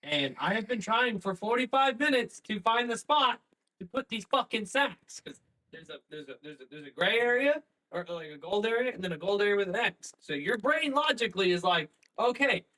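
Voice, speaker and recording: A man's voice: high-pitched, lively intonation, normal speed, sharp tone, low-quality recording. A man on a voice call, telling an exasperated story with plenty of swearing. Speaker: guest on voice call. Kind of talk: casual chat, venting.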